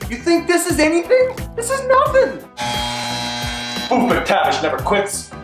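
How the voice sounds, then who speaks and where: A man's voice: very high voice, huge pitch swings, measured pace, echoey room, over music, voice pushed up, full character voice. A man voicing a boastful bearded character who talks about himself in the third person, as a comedic vlog bit.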